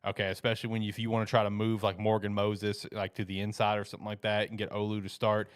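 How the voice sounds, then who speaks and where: A man with a lowish, smooth voice, co-hosting a football show. He talks with enthusiasm and emphasis in a casual way. The sound is dry and close. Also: monotone, fast talker, no echo. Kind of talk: casual sports chat.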